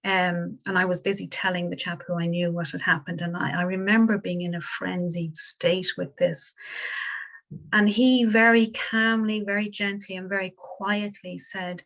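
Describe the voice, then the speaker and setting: A middle-aged woman giving a dharma talk as a Buddhist teacher, gentle and reflective, pausing and restarting often. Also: lowish voice, steady tone, rough recording.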